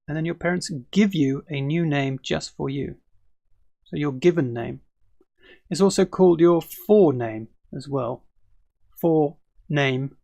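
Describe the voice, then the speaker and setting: A man with a British accent teaching an English lesson, speaking slowly and clearly and modelling example phrases. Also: fairly high pitch, a little mellow, no room sound.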